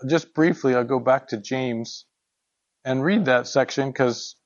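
A man's voice: mid-range voice, unhurried, muffled recording. A man leading a casual Bible study discussion, talking in a thoughtful, conversational way with frequent fillers and restarts.

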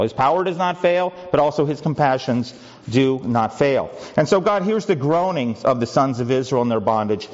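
A man's voice: medium pitch, a little mellow, highs cut off. A pastor preaching a conversational sermon, asking the congregation rhetorical questions and often restarting his sentences. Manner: frequent restarts and filler words.

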